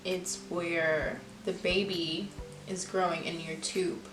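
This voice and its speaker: A woman vlogger calmly recounting a hard personal experience in a candid storytime, with many "like"s and "you know"s. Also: lowish voice, takes it slowly. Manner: candid, reflective, lots of fillers. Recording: echoey room with music behind.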